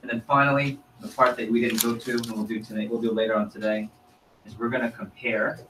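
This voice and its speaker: Man, sales trainer, seminar room, upbeat, quizzes the crowd, mid-pitched voice. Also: level tone, a little fast, background noise. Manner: quizzes the audience, upbeat and chatty. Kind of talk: interactive training seminar talk.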